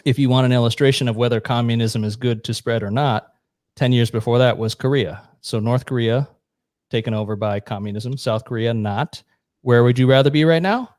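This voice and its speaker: A man's voice: medium pitch, brisk, a little mellow, no room sound, studio quality. A man co-hosting a talk show, explaining history at length in a blunt, profane, casual way. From United States. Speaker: podcast co-host. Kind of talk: casual chat.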